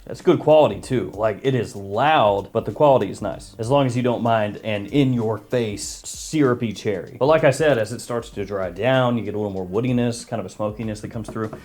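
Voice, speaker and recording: A man's voice: fairly low pitch, a little fast, hardly any pauses, darkish tone. A man giving a casual, jokey fragrance review as host, chatty and self-mocking.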